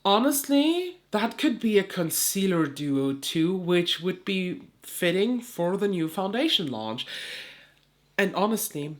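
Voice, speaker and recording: A woman's voice: fairly low pitch, animated, slow. A woman with a nasal, stuffy voice, chatting candidly to camera as a beauty vlogger, swearing now and then. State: stuffy nose, sweating. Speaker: beauty youtuber. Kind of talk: casual chat to camera.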